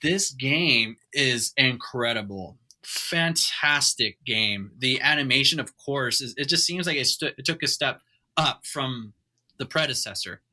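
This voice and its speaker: A father who is a guest on a gaming podcast, talking eagerly about a favourite game. His voice is mid-pitched and strikingly bright. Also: unhurried. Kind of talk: casual chat.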